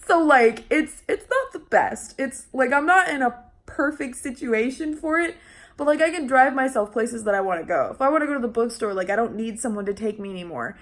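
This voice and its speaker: A woman's voice: on the high side, animated, fairly quick. A young woman talking casually in a vlog, chatty and full of restarts and fillers, laughing often. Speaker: vlogger.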